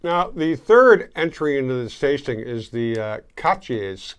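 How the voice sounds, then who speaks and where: A man's voice: medium pitch, animated, normal speed, hardly any pauses, slight background noise. A man from Michigan, hosting a casual candy tasting video, chatting and chewing as he reviews each piece. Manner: chatty, chewing while talking. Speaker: host.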